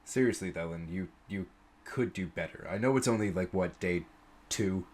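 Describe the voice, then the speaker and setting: A man doing a gruff old bearded guild boss. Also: deep voice, moderate pace, darkish tone, voice pushed down. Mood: scolding. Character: gruff older male guild leader, burly.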